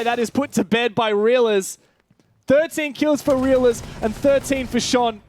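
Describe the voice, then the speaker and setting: A man doing fast play-by-play esports commentary, building to shouts at big plays. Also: extremely high pitch, fairly even intonation, slight background noise. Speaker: play-by-play caster.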